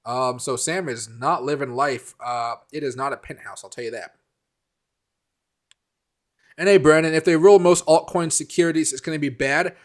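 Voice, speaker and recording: A man's voice: a little high, normal speed. A man hosting a casual live stream, rambling and answering viewer comments by name, with many fillers and restarts.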